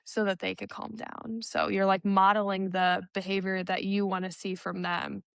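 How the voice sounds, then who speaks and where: Young woman, podcast co-host, casual and chatty, mid pitch, dry studio sound. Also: normal speed, creaky, smooth, dry recording. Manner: chatty, heavy use of "like", drops to soft monotone when demonstrating. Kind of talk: casual chat.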